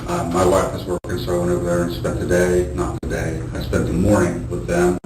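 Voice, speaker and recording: A man giving a halting recorded interview, pausing often with ums and restarting his sentences, heard from a distance in an echoey room with noise behind. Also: low voice, completely flat delivery.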